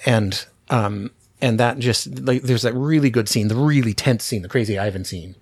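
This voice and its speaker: Husky-voiced man chatting about a film. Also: medium pitch, moderate pace, dry recording. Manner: chatty, frequent fillers and restarts, laughs often. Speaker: podcast host. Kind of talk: casual film discussion.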